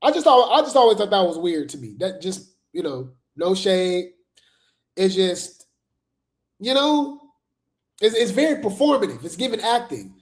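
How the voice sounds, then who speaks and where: A man's voice: high voice, very animated, normal speed. A man hosting casual gossip commentary, sarcastic and chatty, talking straight to his viewers.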